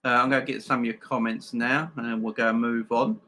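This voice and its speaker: A man's voice: mid-range voice, steady tone, fairly quick, sharp tone. A man hosting a football fan live stream, reading viewer comments. He talks emphatically, repeats his points and calls his viewers "guys". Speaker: host of a football fan channel.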